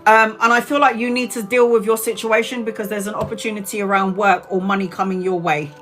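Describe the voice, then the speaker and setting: A woman giving a live tarot reading in a loose, chatty way, blunt and quick to swear and laugh. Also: medium pitch, little pitch movement, a bit bright, soft background music. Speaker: tarot reader. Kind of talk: live-streamed tarot reading, casual chat.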